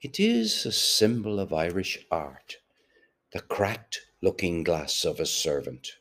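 A man reading an audiobook, voicing a bitter, brooding young man in quiet, restrained tones. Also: low-pitched, wildly swooping pitch, slow, full character voice. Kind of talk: audiobook character voice.

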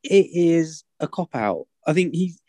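A man's voice: fairly high pitch, lively intonation, unhurried, warm tone, no room sound. A man co-hosting a football podcast, given to exasperated rants. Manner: ranting, exasperated. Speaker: podcast co-host. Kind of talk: casual football chat.

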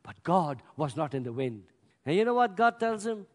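A man preaching a sermon, swinging between loud bursts and hushed, drawn-out words. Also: high-pitched, big pitch swings. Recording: long reverb of a large hall.

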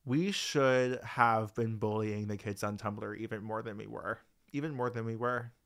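Male co-host, Long Island/Queens accent, drops R's, gravelly, dry deadpan humor. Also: on the low side, normal speed. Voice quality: speech impediment, drops his R's. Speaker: podcast co-host. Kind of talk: casual chat.

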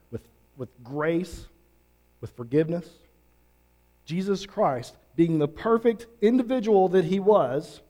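A man preaching a sermon, earnest and emphatic, with drawn-out pauses. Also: fairly high pitch, dark tone. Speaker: pastor.

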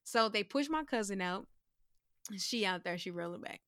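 A woman co-hosting a podcast, telling a story in casual chat, animated and profane, acting out the voices of the people she quotes. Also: medium pitch, normal speed, dry recording, clean studio sound. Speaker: podcast co-host.

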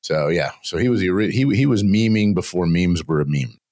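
A man's voice: low-pitched, animated, a little mellow. An older man hosting a casual podcast, rambling and joking, barely stopping for breath. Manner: rambling, jokey, talks without pause. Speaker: podcast host.

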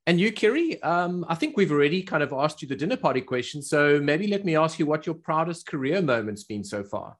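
A man's voice: fairly high pitch, big pitch swings, a little fast, hardly any pauses. A man with a South African accent co-hosting a podcast, introducing guests with dry, self-deprecating humor. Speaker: podcast co-host. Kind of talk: podcast hosting, light banter.

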